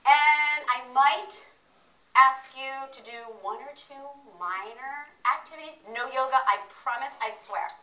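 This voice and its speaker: A woman giving an energetic, playful motivational training talk to a live audience. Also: sits high, unhurried. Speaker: workshop presenter. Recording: echoey room, distant mic.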